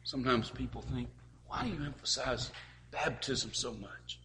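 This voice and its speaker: A man's voice: medium pitch, normal speed, slight background noise. Impassioned male preacher. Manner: impassioned, rising to forceful peaks and dropping to quiet pleas. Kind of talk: sermon.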